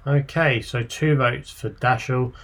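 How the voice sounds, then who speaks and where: A man's voice: medium pitch, steady tone, a bit bright. Man hosting a racing tips podcast. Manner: measured, asks panel for picks. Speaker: podcast host. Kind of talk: racing tipping podcast chat.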